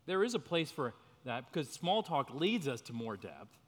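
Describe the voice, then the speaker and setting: A man's voice: medium pitch, sing-song, moderate pace, fairly bright tone. A man leading a church parenting workshop, speaking in an earnest teaching manner, often breaking into laughs. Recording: reverberant hall.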